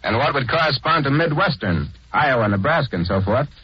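Wry, husky radio narrator. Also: male voice, medium pitch, lively intonation, brisk, dry recording. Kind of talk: scripted 1940s radio narration. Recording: dull lo-fi 1940s radio.

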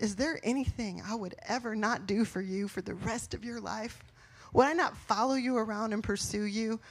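A middle-aged woman preaching a sermon, asking her listeners questions and swinging from soft, slow lines to loud ones. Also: medium pitch. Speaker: pastor.

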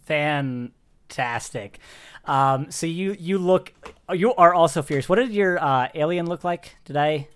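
A man narrating as game master, energetic and quick to laugh, rattling through rules explanations. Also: fairly high pitch, clean tone, no room sound.

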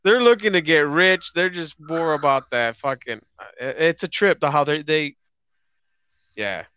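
A man's voice: on the high side, lively intonation, moderate pace, pushed and bright, smooth. A man who is a guest on a casual movie review chat, talking loosely and swearing. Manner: loose, swearing, with restarts and fillers. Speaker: podcast guest.

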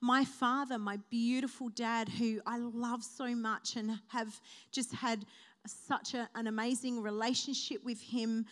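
A woman's voice: fairly high pitch, level tone, measured pace, a bit bright. A woman preaching a sermon at a church service, speaking heartfelt and building to a rising preaching cadence.

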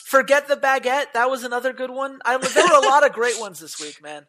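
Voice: high-pitched, a little fast. A podcast co-host in casual, argumentative chat about esports betting. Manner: animated, argumentative.

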